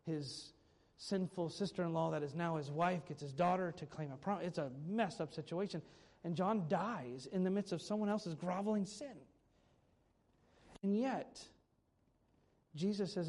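A male pastor delivers a sermon with a high-pitched voice for a man. He talks animatedly, rising to loud emphasis on key points and dropping to quiet asides. When he gets excited he repeats words.

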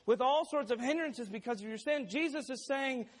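A man's voice: very high voice, moderate pace, few pauses. A man preaching a sermon in an emphatic way, laying out numbered points and quoting scripture aloud.

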